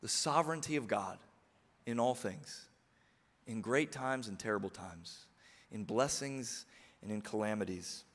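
A middle-aged man preaching a sermon, moving from quiet, earnest reflection to rousing calls to the congregation. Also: on the low side, animated, a little slow. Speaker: pastor. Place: church sanctuary. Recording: long hall reverb of a church.

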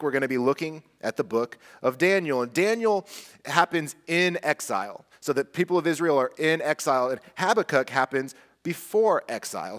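A man preaching a sermon as pastor, earnest and conversational, with light self-deprecating asides. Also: on the high side. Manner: hushed, soft prayer.

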